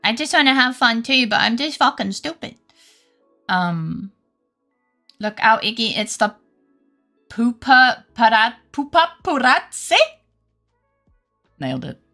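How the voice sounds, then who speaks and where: A British woman talks to her live viewers in a loose, rambling way, swearing freely and poking fun at herself. Her voice is bright and sharp, with a gravelly crackle at the ends of phrases. Soft music plays quietly behind her. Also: on the high side, normal speed, long pauses. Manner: rambling, sweary, self-deprecating, laughs often. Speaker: live streamer. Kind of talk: casual chat with live viewers.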